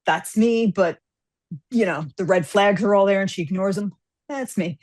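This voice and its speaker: Animated woman acting out her story. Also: medium pitch, moderate pace. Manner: animated storyteller, acts out characters' lines. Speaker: guest author. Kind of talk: casual podcast chat.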